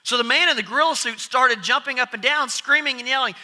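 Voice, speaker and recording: High, bright-voiced preacher in a reverberant church. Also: male voice, quick pace, few pauses. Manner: animated storytelling preacher. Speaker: pastor. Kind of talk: sermon. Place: church sanctuary.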